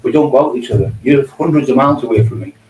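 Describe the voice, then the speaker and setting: A man's voice: medium pitch, very fast, a little mellow, lightly acted. A man quoting a woman, an exasperated mother who insists and pleads with someone on the phone. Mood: pleading. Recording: echoey distant room, faint hum.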